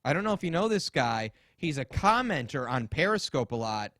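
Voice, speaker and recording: A man's voice: a little high, very animated, moderate pace, a bit bright, no room sound, clean studio sound. A man hosting a podcast, telling a story in casual, rambling chat, swearing and acting out quotes. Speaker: podcast host.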